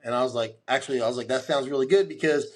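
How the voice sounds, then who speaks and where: A man's voice: mid-range voice, racing. A man in his forties as a podcast guest, telling a long story and acting out the voices of the people in it. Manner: animated storyteller, acts out quoted dialogue.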